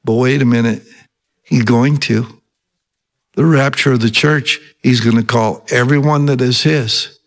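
A man preaching a sermon, storytelling with lively acted-out voices and rising emphasis. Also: mid-range voice, normal speed. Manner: animated preaching, acting out Bible voices. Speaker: pastor.

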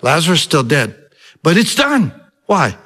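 A man preaching a sermon, storytelling with lively acted-out voices and rising emphasis. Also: a little high, moderate pace. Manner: animated preaching, acting out Bible voices. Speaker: pastor.

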